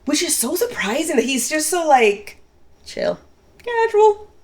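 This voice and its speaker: A young woman co-hosting a casual podcast, reacting quickly and playfully while discussing a TV episode. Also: high voice, very animated, a little mellow. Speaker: podcast co-host. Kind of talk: casual chat reviewing a TV episode.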